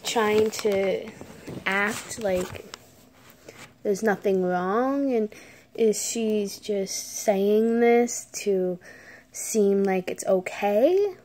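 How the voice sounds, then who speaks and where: A woman's voice: mid-range voice, very slow, a little mellow. A woman vlogger telling a story in a casual way, dropping to a whisper at the tense parts. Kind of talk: story time.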